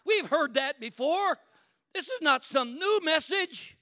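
A pastor preaching a sermon, shifting from quiet, reflective talk to loud, shouted exhortation. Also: male voice, very high voice, expressive, a little slow.

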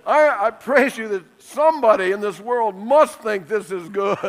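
A middle-aged man preaching a sermon, lively and emphatic, telling funny stories and laughing along. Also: high voice, unhurried, slight background noise. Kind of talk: sermon with humorous storytelling.

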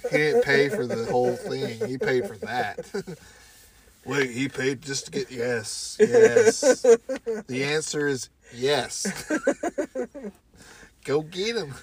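A man co-hosting a casual podcast, joking crudely and swearing freely, often breaking into laughter. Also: mid-range voice. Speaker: podcast co-host.

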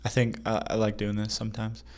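Man, podcast co-host, lowish voice, dry teasing banter. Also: monotone, a little fast. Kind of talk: casual podcast chat.

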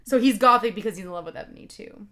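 A woman's voice: mid-range voice, very fast, a bit bright. A woman co-hosting a comedy podcast, reading a fanfic aloud in a sardonic, exasperated way and swearing freely. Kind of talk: casual comedic read-along.

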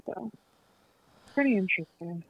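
A young woman talking casually as a guest medium, relaxed and full of fillers. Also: medium pitch, moderate pace, breathy edge, muffled recording. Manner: relaxed, many fillers and likes. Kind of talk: casual chat.

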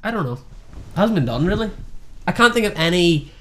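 A man's voice: sits high, big pitch swings, normal speed. A young man with a Northern Irish accent in casual chat, thoughtfully arguing his point. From Northern Ireland.

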